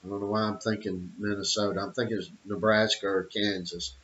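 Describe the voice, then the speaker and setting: A man's voice: lowish voice, flat delivery, fairly quick, fairly bright tone. A middle-aged man giving an opinionated monologue, emphatic, with repeated phrases and many fillers. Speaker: channel host. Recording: dull lo-fi audio.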